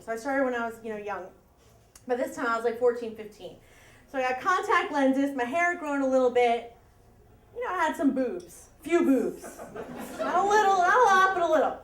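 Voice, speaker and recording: High-voiced woman telling a story on stage. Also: echoey room, a little hiss or hum. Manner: chatty, self-mocking, laughs at her own lines. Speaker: storyteller at a live story slam. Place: live event room with audience. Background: audience laughter.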